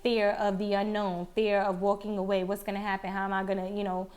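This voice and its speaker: A woman's voice: medium pitch, little pitch movement, brisk, a little mellow, smooth. A woman giving a casual, chatty tarot reading, repeating herself and now and then exclaiming or swearing. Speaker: tarot card reader.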